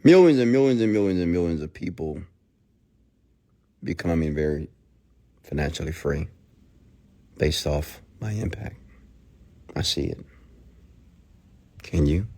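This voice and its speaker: A middle-aged man giving a motivational monologue, emphatic and swinging from hushed near-whispers to shouts. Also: sits low, animated, a little slow, long pauses. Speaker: motivational speaker.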